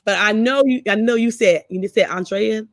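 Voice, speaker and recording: A woman's voice: mid-range voice, brisk, dry recording, studio quality. A middle-aged woman co-hosting a casual story chat, speaking candidly, swearing freely and acting out her own past. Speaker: co-host.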